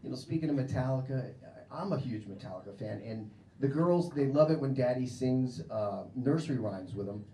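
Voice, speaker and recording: A man's voice: mid-range voice, animated, brisk, far from the mic, background noise. An American man doing a stand-up comedy set in a club, crude and conversational, laughing at his own jokes. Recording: echoey club with crowd laughter.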